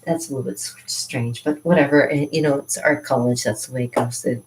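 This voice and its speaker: A woman's voice: rumbling low, steady tone, brisk, background noise. A middle-aged woman chatting casually and rambling with little laughs while she paints. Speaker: finger-painting vlogger.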